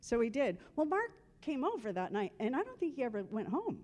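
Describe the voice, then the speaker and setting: Widow at a memorial service, somewhat high voice, humorous storyteller who plays out remembered dialogue. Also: female voice, sing-song, fairly quick, darkish tone. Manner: humorous, acts out remembered conversations. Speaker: widow giving a eulogy.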